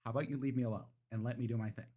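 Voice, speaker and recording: A raging little vampire songstress, as a man puts her on in a tabletop game, her voice shooting up high and loud as she rants and curses. The husky grain of the voice shows through. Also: steady tone, very fast, lightly acted. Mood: furious. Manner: ranting, swearing, shrill outbursts. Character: tiny furious young woman vampire singer.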